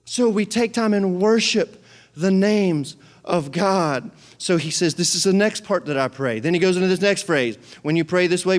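A middle-aged man preaching with a notably high-pitched voice. He is animated and often swells into loud, fervent prayer. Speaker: pastor. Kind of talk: sermon.

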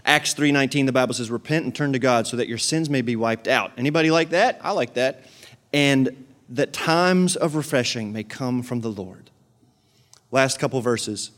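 A man preaching a sermon, asking the congregation direct questions and swinging from loud emphatic peaks to quiet earnest asides. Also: medium pitch, normal speed. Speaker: pastor.

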